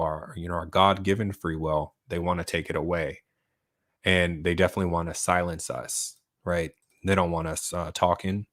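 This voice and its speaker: A man with a low, deep voice talks loosely and at length to his channel's viewers, reacting to their comments as he goes. He keeps tagging his points with "right?" and breaks into short laughs. The sound is dry and close, with no room echo. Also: a bit bright. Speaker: channel host. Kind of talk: casual livestream monologue answering viewer comments.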